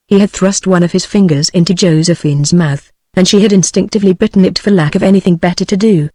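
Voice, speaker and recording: A woman's voice: lowish voice, fast talker, hardly any pauses, no room sound. A synthetic female voice with a British accent, narrating an audiobook in text-to-speech style. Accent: British English. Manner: even machine-read delivery.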